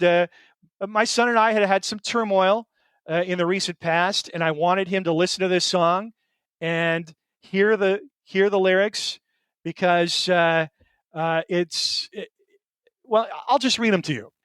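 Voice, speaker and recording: A middle-aged podcast co-host talks earnestly and emotionally in casual chat, hesitating with fillers and restarts. His voice sits high and sounds a bit bright and smooth, recorded with clean studio sound and no echo.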